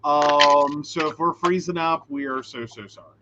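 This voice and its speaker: A man co-hosting a live-streamed show, telling stories in a chatty, animated way and reading out viewer questions. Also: fairly high pitch, moderate pace, background noise. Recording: dull lo-fi stream audio.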